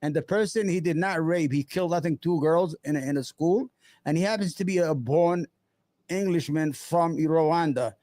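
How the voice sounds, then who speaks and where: A man with a high, dry voice mocks and heckles as he reacts to video clips. He talks in a scornful tone with plenty of "uh" fillers and jabs, close to the mic in a deadened room. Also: normal speed, darkish tone, no echo. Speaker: YouTube commentator reacting to clips. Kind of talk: mocking reaction commentary.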